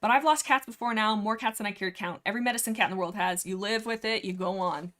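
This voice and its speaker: A woman reading aloud as a gruff old female medicine cat from a novel, blunt and matter-of-fact. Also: medium pitch, fast, fairly bright tone, natural voice.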